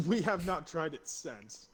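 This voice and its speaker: A young man from Florida tells rambling, tipsy stories and keeps breaking into laughter. His voice sits a little higher than most men's. It is loose, casual chat between friends. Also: animated, slow, slightly rough. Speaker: co-host. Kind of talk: casual drinking-stream chat.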